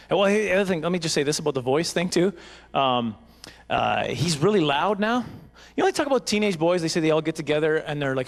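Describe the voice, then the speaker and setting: Gravelly man doing stand-up. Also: fairly high pitch. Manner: rambling, self-mocking, jumps into silly character voices. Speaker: stand-up comedian. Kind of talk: stand-up comedy set. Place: banquet hall stage.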